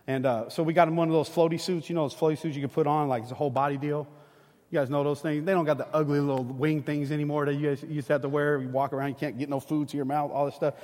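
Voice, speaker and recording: A middle-aged male pastor with a notably high voice, preaching to his congregation. He slips into animated, conversational storytelling. His voice rings out with a long reverb in a large hall. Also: fast. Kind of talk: sermon.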